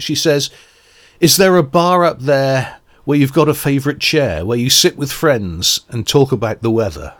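A man's voice: fairly high pitch, a bit bright. A man giving a reflective, earnest radio album review and searching for words as he goes. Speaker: music reviewer.

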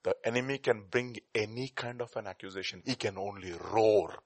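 A man preaching an animated sermon, acting out scenes and shifting between loud outbursts and quiet asides. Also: lowish voice, brisk, no echo. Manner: dramatic, acts out scenes with shouted voices.

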